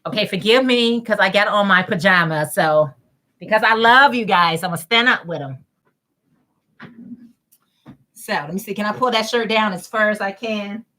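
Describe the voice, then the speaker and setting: A woman hosts a casual crochet livestream. Her voice is bright and clear. She chats easily, greets viewers by name and reads their comments aloud. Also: mid-range voice, a little fast.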